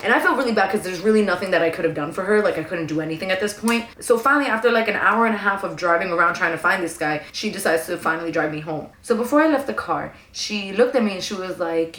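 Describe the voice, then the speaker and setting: Animated slangy New woman, echoey room. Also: medium pitch, rapid-fire, few pauses. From New York. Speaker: storyteller. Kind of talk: casual storytime monologue. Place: at home indoors.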